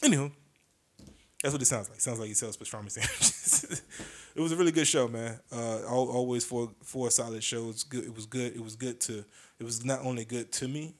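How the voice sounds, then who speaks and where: Male podcast host and comedian, casual rambling chat, mid-pitched voice. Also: brisk. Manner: rambling, hesitant, does brief voice impressions.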